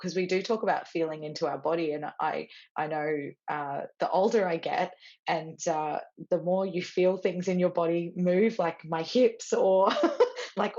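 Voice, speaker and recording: A woman's voice: on the low side, unhurried, a little mellow. A middle-aged woman hosting a podcast, chatting casually with many restarts and easy laughter. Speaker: podcast host and stylist. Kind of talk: casual conversational chat. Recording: dull lo-fi sound.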